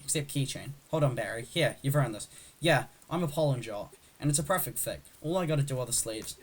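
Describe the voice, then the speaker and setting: A young man speed-reading a film script aloud, rushing and barely acting the parts. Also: medium pitch, expressive, breathy edge, poor audio. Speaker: script reader.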